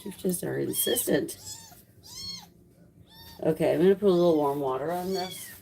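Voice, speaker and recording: A middle-aged woman with a low, gravelly voice talks slowly but with lots of swing in her pitch, chatting sarcastically on a home livestream. Faint noise and kitten sounds sit behind her. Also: wildly swooping pitch, dark tone. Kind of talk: casual livestream chat with viewers.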